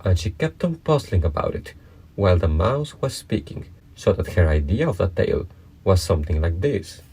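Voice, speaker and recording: A man narrating a children's classic aloud in a measured, plain reading voice. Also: deep voice, sing-song, mellow, breathy edge.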